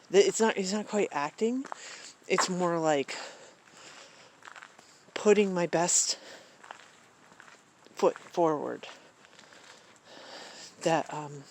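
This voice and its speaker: A woman's voice: sits low, a little hiss or hum. A middle-aged woman from Maine, talking outdoors in the woods in a reflective, hesitant monologue full of ums and restarts. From Maine, USA. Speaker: vlogger.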